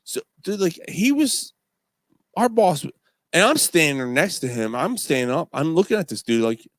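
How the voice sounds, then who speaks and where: Man, middle-aged, casual podcast chat, animated storyteller, swears a lot, dry close sound. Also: on the high side, normal speed, dry recording. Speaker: podcast co-host.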